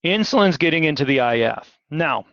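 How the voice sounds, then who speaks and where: A man teaching physiology in a live online lecture, animated and questioning, repeating key words. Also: on the high side, brisk, no echo. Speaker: physiology instructor. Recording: dull, dry video-call audio.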